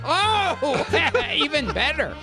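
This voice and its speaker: A man with a raspy voice hosting a comedy podcast and signing off the episode. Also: extremely high pitch, big pitch swings, slow pace, over music. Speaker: podcast host.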